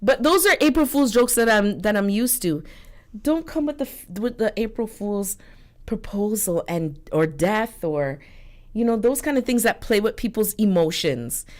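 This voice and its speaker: A woman co-hosting a radio show, telling stories in an animated, indignant way and laughing often. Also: medium pitch, normal speed. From Canada. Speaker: radio co-host. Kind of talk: casual radio commentary. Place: radio studio.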